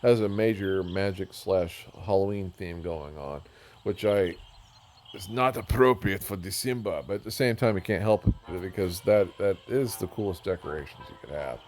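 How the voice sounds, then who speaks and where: A deep-voiced man chatting loosely as he tours a game, wandering off topic and poking fun at himself. His tone is casual and unpolished, with a faint hiss under the voice. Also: normal speed, darkish tone. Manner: rambling, self-mocking, easily sidetracked. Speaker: gamer touring a build.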